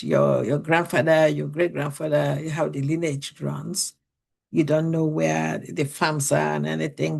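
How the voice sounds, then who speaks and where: A woman's voice: sits low, vocal fry, darkish tone, husky. A middle-aged woman from Africa hosting a podcast, speaking earnestly and putting question after question to parents. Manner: earnest, poses many questions to listeners. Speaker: podcast host.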